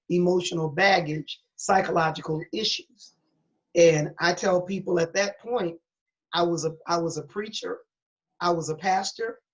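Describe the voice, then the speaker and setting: A middle-aged woman pastor tells her own story in an interview, candid and earnest, with a preacher's emphasis. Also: on the low side. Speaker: pastor and guest. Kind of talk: personal testimony in an interview. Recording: dull lo-fi recording.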